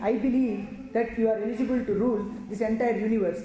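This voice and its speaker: A woman's voice: fairly high pitch, fairly even intonation, brisk, hardly any pauses, warm tone. Woman telling scripture stories in an echoey room. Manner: recites Sanskrit verses then explains them, with frequent restarts. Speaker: storyteller. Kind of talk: devotional scripture storytelling. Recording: very echoey room with faint noise.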